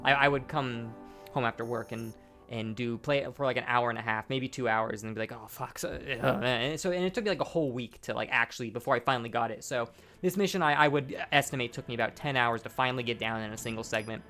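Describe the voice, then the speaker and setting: A man's voice: medium pitch, quick pace, bright, forceful tone, soft background music. Tipsy man rambling over gameplay. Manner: rambling, heavy swearing, frequent restarts. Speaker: gameplay commentator.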